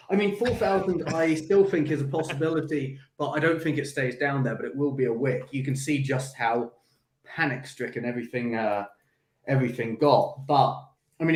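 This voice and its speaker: A man who runs a crypto company, speaking in a measured, cautious way on a livestream. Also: a little high, roomy sound. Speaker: guest, company CEO. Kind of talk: casual crypto livestream chat.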